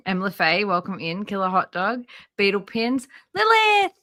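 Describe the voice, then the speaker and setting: Woman, livestream host, chatty, bright clear tone, laughs a lot. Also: mid-range voice, measured pace. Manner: chatty, greets viewers by name, laughs often. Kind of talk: casual livestream commentary.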